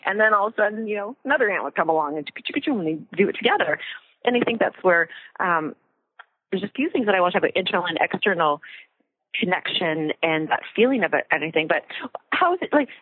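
A woman's voice: fairly low pitch, animated, fast, breathy edge, no echo. Chatty woman on a phone line. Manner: chatty, laughs often, acts out little voices. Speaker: co-host. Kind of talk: casual chat.

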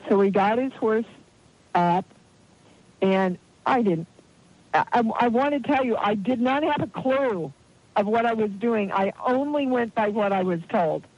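A woman guest telling a lively personal story in an interview, acting out the voices of the people in it and laughing now and then. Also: a little high, unhurried, no room sound, highs cut off. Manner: animated anecdotal storytelling, quotes voices, laughs easily. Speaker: guest, healer.

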